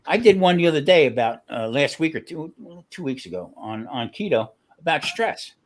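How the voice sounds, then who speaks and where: A man's voice: on the high side, big pitch swings, moderate pace. A middle-aged man, a chef, chatting casually on a video call, rambling through stories and laughing often. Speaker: guest chef.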